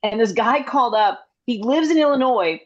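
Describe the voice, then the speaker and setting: Middle-aged woman comic, higher pitch, rambling chatty storyteller with restarts and asides; slightly muffled video-call sound. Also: expressive, moderate pace. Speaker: comedian. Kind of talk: casual comedic storytelling.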